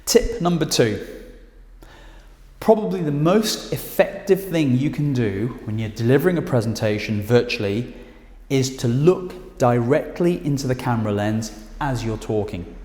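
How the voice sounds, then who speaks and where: A man's voice: medium pitch, unhurried. British man, coaching tone, emphatic delivery, roomy echo, long reverb tail. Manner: emphatic, lively intonation, coaching tone. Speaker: presentation skills trainer. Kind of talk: direct-to-camera instructional talk. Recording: echoey room with long reverb.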